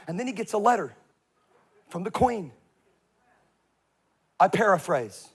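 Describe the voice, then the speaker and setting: A man preaching a sermon as pastor, telling the story with humor, animated and swinging from loud emphasis to quiet asides. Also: high-pitched, unhurried, pauses often, breathy edge.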